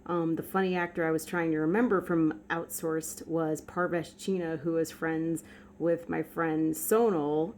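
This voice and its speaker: A woman with a fairly low voice chats casually to her phone camera in a vlog. She wanders and corrects herself with plenty of fillers, and faint noise sits under her voice. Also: fairly even intonation, measured pace, darkish tone. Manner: chatty, self-correcting, with fillers. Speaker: vlogger.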